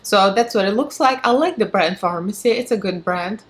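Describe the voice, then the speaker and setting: A woman's voice: medium pitch, lively intonation, normal speed. A woman with a Russian accent giving a chatty, frank and sarcastic product review, laughing often. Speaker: beauty vlogger.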